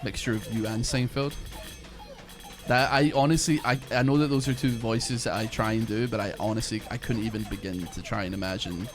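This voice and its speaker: A man's voice: on the low side, fairly even intonation, a little fast, music in the background. A young man streaming from his bedroom, rambling and joking as he plays a game. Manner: rambling, jokey, thinks aloud. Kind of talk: casual gameplay commentary.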